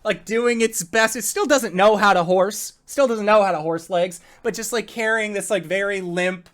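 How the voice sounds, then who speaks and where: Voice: mid-range voice, normal speed, fairly bright tone. A game master narrating a tabletop game in vivid, casual detail, peppered with "like" and the odd swear.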